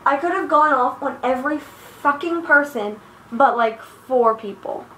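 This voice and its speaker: Teen girl, high-pitched, swearing and exasperated, recorded in an echoey room. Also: unhurried, pushed and bright, a little hiss or hum. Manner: profane, exasperated, rambling. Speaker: vlogger. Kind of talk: angry personal rant. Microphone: iPod built-in mic.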